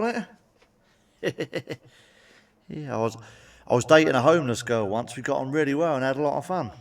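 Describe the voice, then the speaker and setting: A man's voice: medium pitch, recorded from a distance. A man telling blunt, sweary stand-up jokes and tagging them with cheeky questions. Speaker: stand-up comedian. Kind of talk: stand-up joke monologue.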